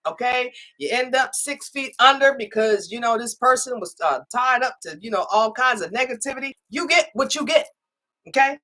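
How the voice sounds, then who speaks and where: A woman, hosting a casual livestream as a spiritual reader, talking in an animated storytelling way, acting out other people's lines and tagging sentences with "okay?". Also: fairly high pitch, low-quality recording. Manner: chatty, animated storytelling with frequent laughs and "okay?" tags; acts out others' lines in quoted voices. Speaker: spiritual reader and channel host.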